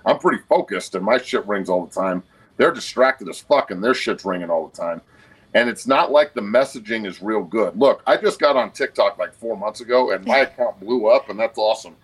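Speaking fairly quickly in a husky, lowish voice, a man in his forties on a podcast is blunt, emphatic, and loaded with swearing. The audio is poor.

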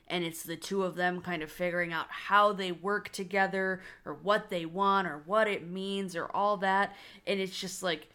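Female podcast co-host, bright and chatty. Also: lowish voice. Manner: bright, chatty, recaps scenes. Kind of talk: casual chat.

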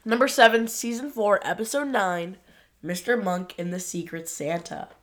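A woman's voice: mid-range voice, fairly even intonation, moderate pace. A woman co-hosting a podcast, chatting casually with short agreements and reactions. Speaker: podcast co-host. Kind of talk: casual chat.

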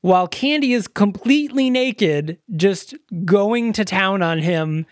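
A woman's voice: mid-range voice, lively intonation, takes it slowly, no echo, clean studio sound. A young woman co-hosting a podcast, loosely recapping a film's plot in casual chat and swearing freely. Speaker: podcast co-host. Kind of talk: casual movie review chat.

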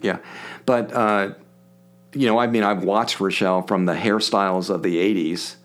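Animated older man telling stories. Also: on the low side, normal speed. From Philadelphia. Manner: animated, acts out quoted voices. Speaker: podcast guest. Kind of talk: casual storytelling.

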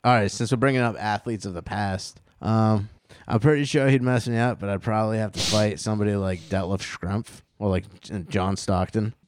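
A man's voice: lowish voice, steady tone, brisk, no room sound. A man with a New England accent co-hosting a podcast, chatting casually, laughing often and acting out jokes in silly voices. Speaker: podcast co-host. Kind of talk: casual joking chat.

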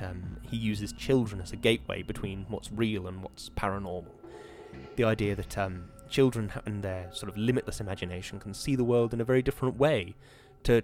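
A man hosting a podcast, giving a measured, dramatic reading of a horror novel and then chatting about it. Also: lowish voice, a little mellow. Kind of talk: dramatic reading and casual commentary.

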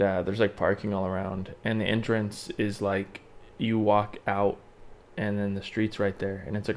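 A man co-hosting a podcast, telling an animated, swearing story in casual chat and shouting the lines he quotes. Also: fairly low pitch, creaky, a little hiss or hum. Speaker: podcast co-host.

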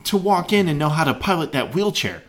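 Lively-voiced joking podcast guy. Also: a little high, brisk. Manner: joking, puts on brief silly voices. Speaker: podcast co-host. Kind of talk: casual banter.

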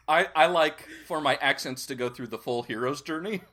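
A man's voice: fairly high pitch, normal speed, pushed and bright. A man co-hosting a comedy podcast, trading jokes in a mock-serious tone. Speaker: podcast co-host. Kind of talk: casual comedic chat.

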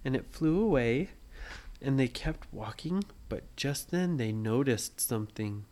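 A man slowly telling an improvised bedtime story to a child, gently asking the listener questions as he goes. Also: medium pitch, expressive.

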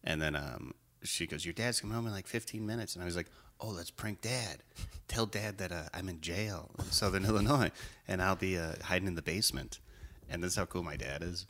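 A low-voiced man with a bright, forceful edge, chatting casually and telling a prank story. He laughs through his anecdotes and slips into other people's voices as he recounts them. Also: fast. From Chicago area.

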